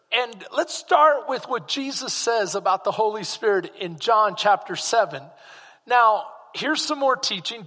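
Male pastor, high ringing voice, sermon in a reverberant church hall. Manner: animated preaching with rhetorical questions to the congregation.

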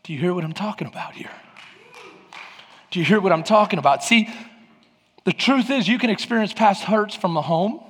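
Man, pastor, animated sermon, high husky voice, long hall reverb. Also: moderate pace, pauses often. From Latin American heritage. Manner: animated, rises to near shouts then drops low.

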